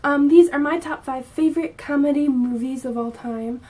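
A woman's voice: high-pitched, normal speed, darkish tone. A young woman in her early twenties, chatting casually to camera as a vlogger, bubbly and gushing, a little out of breath. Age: 20s.

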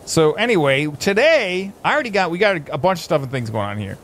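A man with a fairly high voice hosts casual gameplay commentary. His pitch leaps around lively as he jokes and teases, with a faint hiss behind him. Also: fast. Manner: goofy, playful banter, jokes around. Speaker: gaming channel host.

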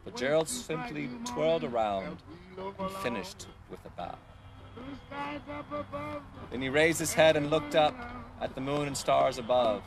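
A man leading an online music lesson for children outdoors, reading a storybook in a lively, encouraging sing-song voice and guiding a dance. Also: fairly high pitch, unhurried, long pauses. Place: outdoors in a park. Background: music playing.

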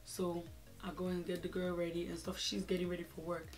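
A woman vlogger telling a personal story in a chatty, animated way, with many fillers. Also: on the low side, brisk, soft background music. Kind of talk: casual storytelling.

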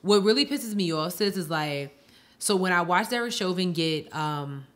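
A woman's voice: fairly low pitch, lively intonation, normal speed. A woman co-hosting a podcast in casual chat, weary and exasperated, who repeats herself. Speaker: podcast co-host.

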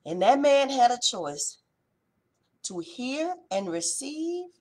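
Woman preacher, higher register, breathy edge; passionate devotional delivery, folksy and direct. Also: sing-song, takes it slowly. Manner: passionate, swings between loud exhortation and hushed intensity; colloquial, uses folksy address.

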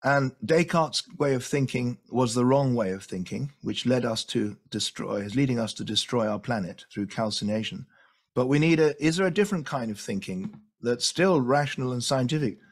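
A man gives an enthusiastic lecture, often doubling words as he presses a point. His voice has a gravelly, fried texture. It rests at an ordinary middle pitch. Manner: enthusiastic, repeats words for emphasis. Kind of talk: illustrated lecture.

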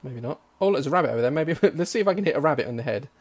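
A young man giving jokey gameplay commentary; excitable, with frequent swearing. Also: a little high, very fast, slightly rough. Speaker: gaming YouTuber.

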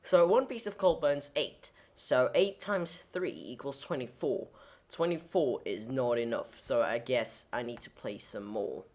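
A woman's voice: rumbling low, expressive, unhurried, darkish tone. A woman giving casual let's-play commentary while playing, rambling and goofy, with lots of fillers and self-corrections. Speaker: gameplay commentator.

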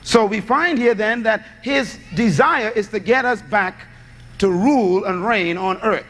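A man's voice: high-pitched, unhurried, a bit bright. A man preaching a sermon, teaching by asking the congregation questions and supplying the answers. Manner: teaching with call-and-response questions. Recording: long hall reverb.

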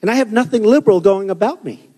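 A man's voice: high voice, fast, mellow. A man in his sixties giving a boastful, rambling campaign rally speech in a hot hall. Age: 60s. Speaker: political candidate. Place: hot indoor hall with a crowd. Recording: reverberant hall with crowd noise.

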